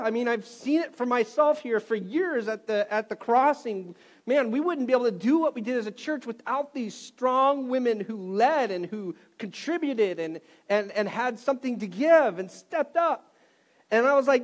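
High-voiced, animated male pastor. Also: normal speed. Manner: animated storytelling, swings from loud to quiet. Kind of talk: sermon.

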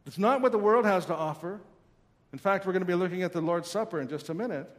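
Man preaching in a reverberant hall. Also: high voice. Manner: earnest, emphatic preaching with pauses. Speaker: pastor. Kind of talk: sermon.

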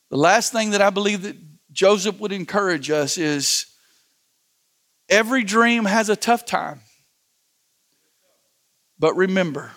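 A man preaching a sermon, repeating refrains and then softly reading scripture and praying. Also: fairly high pitch. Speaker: pastor. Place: church campuses.

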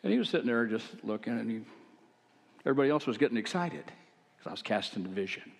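An older man, a pastor, preaching a sermon in a relaxed, conversational storytelling manner with asides. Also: medium pitch, quick pace, vocal fry, long reverb tail.

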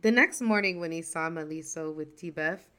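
A woman narrating a folktale in a lively, expressive storytelling voice. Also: sits low, moderate pace, smooth.

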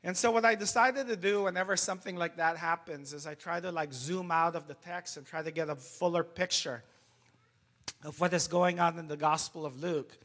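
Middle-aged male pastor, slightly high voice, relaxed halting sermon delivery, lingering cough. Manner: conversational, hesitant with fillers. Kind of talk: casual sermon.

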